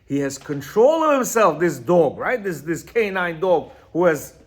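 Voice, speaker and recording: In a very animated, rather high voice and a slightly slow delivery, a man teaches on marriage and self-control. Reading passages aloud, he explains them with asides and repeated "you hear?" and "right?", now and then tripping over Hebrew terms in this informal religious talk.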